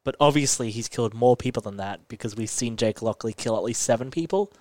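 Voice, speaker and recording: A man co-hosting a podcast, talking through a story in casual chat and breaking into laughs often. His voice sits in a middle pitch. It is recorded dry, with no room sound. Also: quick pace, a little mellow, no echo. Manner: explains plot eagerly, laughs often. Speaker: podcast co-host.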